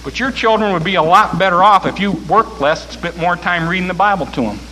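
A man preaching a sermon, building from calm talk to loud, pressing appeals. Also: high voice, a little fast, slight background noise, poor audio.

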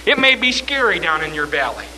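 A man preaching a fervent sermon, swinging from shouts to hushed tones. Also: on the high side, very animated, a little fast, low-quality recording.

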